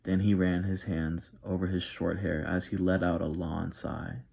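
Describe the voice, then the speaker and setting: A man reads a novel aloud in a soft, even ASMR style. His voice is very low and gravelly with plenty of fry. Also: a little slow, hardly any pauses. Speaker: narrator. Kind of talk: ASMR story reading.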